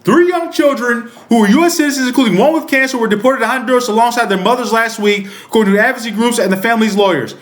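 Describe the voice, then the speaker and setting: Furious, profane man ranting, high voice. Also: fast, few pauses, echoey room. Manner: reads news aloud with interjections. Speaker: political commentator. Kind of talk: angry political rant.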